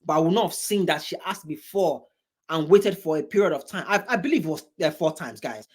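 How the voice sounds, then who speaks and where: A man hosting a reaction video, talking in an animated, emphatic way, with big swings in pitch and many repeated, restarted words. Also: fairly quick, breathy edge. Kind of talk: reaction commentary.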